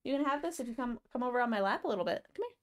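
Young woman streamer, chatty and sweet, swears casually, kinda high voice. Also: animated, very fast. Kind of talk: casual live stream chat.

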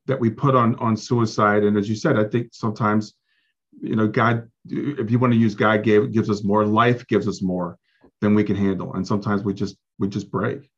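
A man hosting an interview podcast, gentle and reflective, affirming his guest as he talks. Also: on the low side, steady tone, moderate pace, breathy edge. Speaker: podcast host. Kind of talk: interview conversation. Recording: muffled lo-fi audio.

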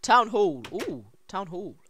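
An excitable, giggly let's play co-host reading signs aloud, with a voice going hoarse. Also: medium pitch, slow, a little hiss or hum. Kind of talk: casual gameplay commentary.

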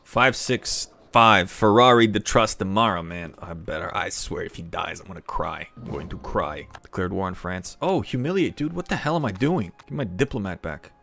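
A man giving casual commentary while playing a strategy game, talking to himself with excitable outbursts. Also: low voice, a little fast, vocal fry, hardly any pauses. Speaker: strategy game let's-player.

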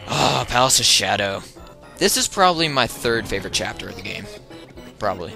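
Chatty jokey gamer dude rambling at home, voice jumps all over, game music going in the back. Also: male voice, fairly low pitch, a little fast, vocal fry. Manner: chatty, rambling and jokey, with loud excited yelps. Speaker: let's player. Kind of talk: casual gameplay commentary. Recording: video game music playing behind.

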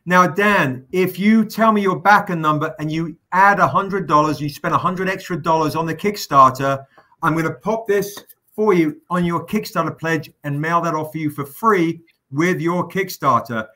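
A man chats casually on his live stream, joking and swearing now and then. His voice sits a little higher than most men's. He talks loosely, with plenty of fillers. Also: normal speed, bright, forceful tone. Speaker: livestream host running a crowdfunding campaign.

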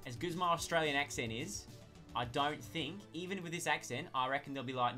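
A man's voice: on the high side, a little fast, sharp tone, soft background music. A man chatting casually on a live stream, thanking viewers one by one and answering their questions.

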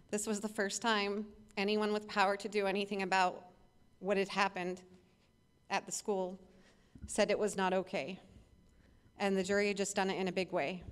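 A woman's voice: mid-range voice, fairly even intonation, normal speed, smooth. A woman reading her own personal essay aloud, earnest and emotional, with a few small restarts.

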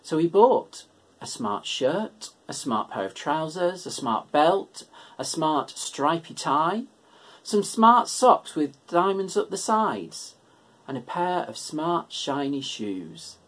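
A man leading children's worship, reading a picture book aloud in a relaxed, gentle, self-deprecating way. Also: a little high, takes it slowly.

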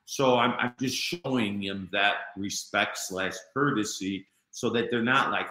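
A middle-aged man with a low voice talks bluntly about his own life, peppering it with "you know." He sounds like a street guy, not a polished speaker. The room around him is echoey. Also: normal speed, hardly any pauses, sharp tone. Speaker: guest. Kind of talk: personal storytelling in an interview.

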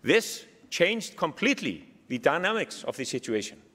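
A man with an Icelandic accent giving a keynote speech, telling a story with animated humor. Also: fairly high pitch, moderate pace. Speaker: keynote speaker. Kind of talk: speech to a summit audience. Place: large hall. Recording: long hall reverb.

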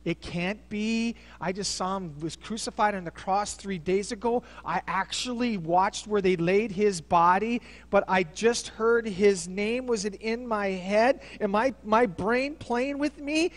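A man preaching a sermon as a pastor, retelling a story with dramatic swings between loud outbursts and hushed near-whispers. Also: sits high, measured pace, few pauses. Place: church sanctuary. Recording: long church reverb.

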